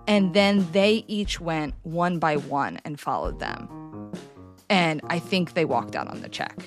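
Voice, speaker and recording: A woman telling a personal story in an interview, animated and halting, acting out what people said. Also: fairly low pitch. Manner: animated, halting with restarts, acts out quotes. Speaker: storyteller guest.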